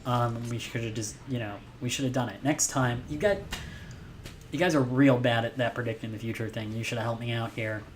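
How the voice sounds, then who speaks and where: A man commentating a live game stream, playful and excitable, chatting to his viewers. His voice sits at a middle pitch. Faint noise hums behind him. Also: brisk.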